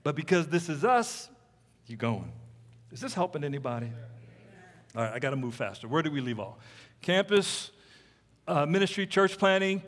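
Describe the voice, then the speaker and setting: Man, pastor, sermon, animated storytelling, fairly high voice, long hall reverb. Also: normal speed, long pauses. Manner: animated storytelling with playful asides to the congregation. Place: church sanctuary.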